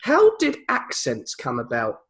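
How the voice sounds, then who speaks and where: A man's voice: mid-range voice, huge pitch swings, unhurried, a bit bright. A man from Kent with a Kentish accent, a podcast co-host musing aloud in casual chat, rambling with many restarts. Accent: Kentish English. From Kent, England.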